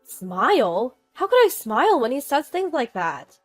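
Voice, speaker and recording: Shaken young mom, weak quiet voice, read by a woman, soft music under. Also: high-pitched, very animated, measured pace, voice pushed up, heavily acted. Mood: hurt. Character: young wife and mother, hurt and shaken.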